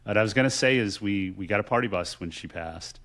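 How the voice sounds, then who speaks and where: A man's voice: lowish voice, a little fast, a bit bright. A middle-aged man from Texas, co-hosting a casual chat and telling family stories in a reflective way, with many restarts. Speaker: podcast co-host.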